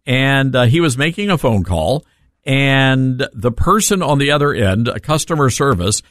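A man's voice: medium pitch, lively intonation, moderate pace, a bit bright, dry recording. Brash radio host guy, blunt, dry close sound, middle voice. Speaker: radio talk show host. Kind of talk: talk radio hosting.

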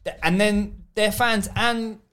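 Teasing young man, high voice. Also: steady tone, slow pace, crowd noise. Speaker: podcast co-host. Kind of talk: casual football chat.

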